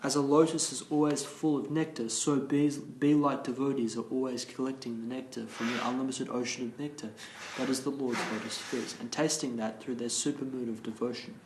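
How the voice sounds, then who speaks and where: A man leads a morning class, reading scripture aloud slowly and carefully, explaining it and restarting some words of the verses. His mid-range voice has little pitch movement and a darkish tone, with slight background noise. The recording has a roomy echo.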